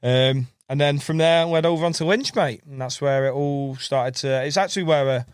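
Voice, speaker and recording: A man with a clean-toned, somewhat high voice guests on a podcast as a carp angler, telling rambling fishing stories a little fast and in a steady tone. He laughs, repeats words, and keeps calling people "mate." The studio sound is clean, with no echo.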